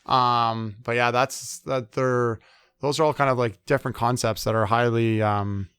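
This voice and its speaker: A man's voice: mid-range voice, fairly even intonation, unhurried, a bit bright, clear, resonant tone, no echo. A man in his thirties, a sport psychologist in a conversational interview, talking with many fillers and acting out quoted complaints.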